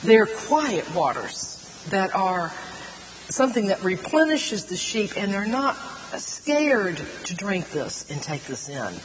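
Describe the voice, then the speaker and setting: A middle-aged woman preaching a sermon, earnest and animated, stretching out words for emphasis. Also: mid-range voice, takes it slowly. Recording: long hall reverb, faint noise.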